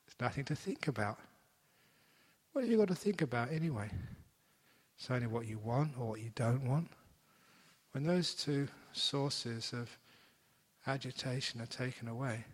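A man giving a gentle, playful meditation talk as a teacher, slowing down for emphasis. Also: mid-range voice, slightly rough. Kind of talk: dharma talk. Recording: long hall reverb.

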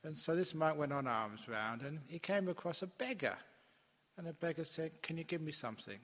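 A man's voice: a little high, lively intonation, a little fast, fairly bright tone. A man, a Buddhist monk, telling a teaching story to an audience in a chatty way and acting out the characters. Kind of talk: dharma talk storytelling. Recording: long hall reverb.

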